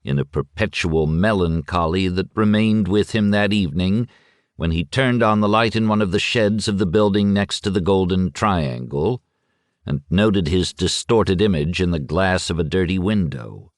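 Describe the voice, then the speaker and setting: A man narrating an audiobook in a measured, sombre storytelling manner. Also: sits low, no echo, clean studio sound. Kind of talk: scripted literary narration.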